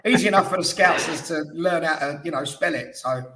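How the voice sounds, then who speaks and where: A man co-hosting a football podcast, easygoing and quick with a joke. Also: fairly high pitch, pushed and bright. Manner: easygoing, joking, fond of asides. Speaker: podcast co-host. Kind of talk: casual football chat.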